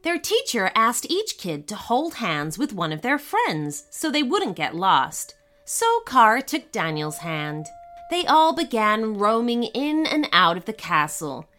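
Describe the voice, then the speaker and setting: A woman reading a children's story aloud in an expressive, unhurried way. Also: on the high side. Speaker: narrator.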